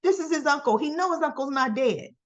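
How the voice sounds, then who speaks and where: A woman's voice: high voice, animated, a little fast. A woman reviewing a soap opera in a casual, chatty recap, talking animatedly and acting out the characters' lines.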